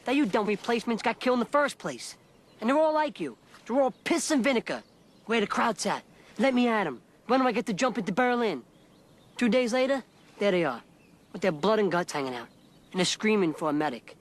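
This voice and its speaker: An actor playing a bitter, battle-hardened army veteran who sneers at new recruits in a war drama. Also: male voice, high voice, big pitch swings, a little fast. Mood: scornful. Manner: scornful, sneering rant.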